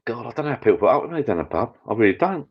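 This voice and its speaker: A middle-aged man hosting a casual live chat with viewers from his backyard pub shed, rambling and getting easily excited. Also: mid-range voice, rapid-fire, breathy edge. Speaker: channel host. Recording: dull lo-fi sound.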